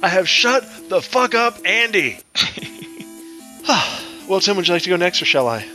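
A man's voice: high-pitched, sing-song, moderate pace, sharp tone, soft background music. A man co-hosting a podcast in casual comedic chat, making dry, wry quips. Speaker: podcast co-host.

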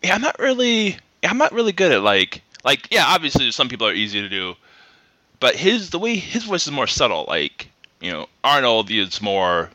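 A man in casual comedic podcast chat, animated and jokey, often laughing. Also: medium pitch, moderate pace, no room sound.

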